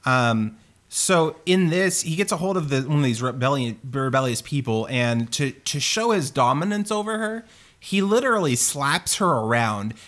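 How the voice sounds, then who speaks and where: A man hosting a casual movie review chat, animated and crude, with lots of fillers. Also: medium pitch, moderate pace.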